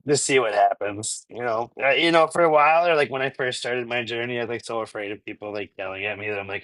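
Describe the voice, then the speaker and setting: Bright-voiced chatty dad from Minnesota. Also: male voice, medium pitch, quick pace, few pauses, no echo, low-quality recording. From Minnesota, US Midwest. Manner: chatty and rambling, laughs often, answers live chat. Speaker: cooking channel host. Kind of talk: casual live cooking stream. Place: home kitchen.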